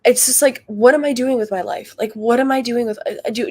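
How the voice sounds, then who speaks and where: A woman talking on a livestream, rambling and halting, with heavy use of filler words and a soft, unsure delivery. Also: fairly high pitch, fairly even intonation. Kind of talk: confessional livestream talk.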